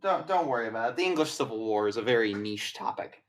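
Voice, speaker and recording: A man's voice: medium pitch, lively intonation, fast. Casual rambling male game master. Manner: casual, rambling, swears, many fillers. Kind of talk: narrating a tabletop game.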